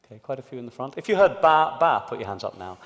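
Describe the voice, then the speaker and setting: A man giving a lively, explanatory talk to an audience in a large hall through an amplified stage mic. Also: mid-range voice, very fast. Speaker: panel speaker. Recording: reverberant lecture hall.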